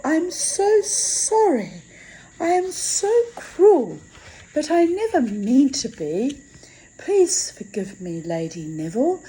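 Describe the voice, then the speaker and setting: A woman voicing Death as a gentle, earnest young girl with a low, sweet voice in a storybook reading. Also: very animated, takes it slowly, slight background noise, exaggerated voice, poor audio. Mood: apologetic.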